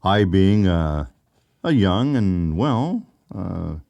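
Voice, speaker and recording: An older man from Canada tells a story in a low voice. His delivery is loose and rambling, full of fillers and chuckles, and his pitch rises and falls a great deal as he goes. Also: big pitch swings, very slow, gravelly, warm tone, muffled recording. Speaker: podcast co-host. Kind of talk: casual storytelling chat.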